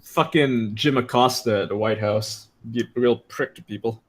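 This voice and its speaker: A man's voice: mid-range voice, moderate pace. A man rants in a casual chat, swearing freely in a mid-range voice. He sounds loose and unfiltered. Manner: profane, ranting.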